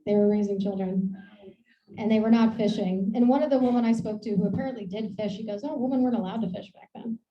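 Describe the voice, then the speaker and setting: In an echoey room with dull, lo-fi audio, a woman from Maine presents her research casually with slides. She talks at a quick pace in a mid-range voice, chatty and rambling, often laughing at herself.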